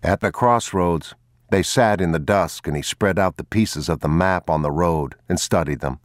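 A man with a very deep voice reading a story aloud, grave and measured, never rushing a line. The read is dry and close, with no room around it. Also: no echo. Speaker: narrator. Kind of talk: audiobook narration.

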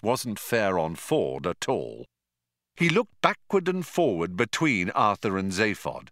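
Male audiobook narrator, wry and expressive, bright tone, dead-dry booth. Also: fairly low pitch, a little slow, no room sound. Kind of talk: scripted narration.

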